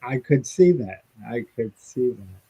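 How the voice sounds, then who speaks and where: A man co-hosting a podcast in a relaxed, earnest way, pausing on fillers as he talks. His voice sits in a middle pitch. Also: husky, highs cut off. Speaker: podcast co-host and stand-up comedian. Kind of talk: casual podcast chat.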